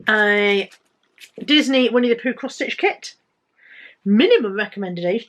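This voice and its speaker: A woman's voice: medium pitch, animated, unhurried, a bit bright. A British woman vlogging casually about items she bought to resell, chatty and rambling with self-corrections. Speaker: resale vlogger. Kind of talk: casual haul vlog.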